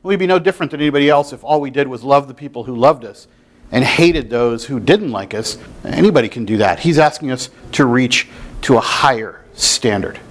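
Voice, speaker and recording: A man's voice: mid-range voice, brisk. A man preaching a sermon in a conversational way, with playful, mock-incredulous asides. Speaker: pastor.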